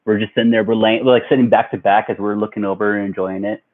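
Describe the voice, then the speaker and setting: Young male vlogger, low-ish pitch, relaxed rambling storyteller, thin phone-like audio. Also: fast. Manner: rambling, laid-back, lots of fillers. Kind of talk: casual storytelling. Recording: tinny phone-like sound.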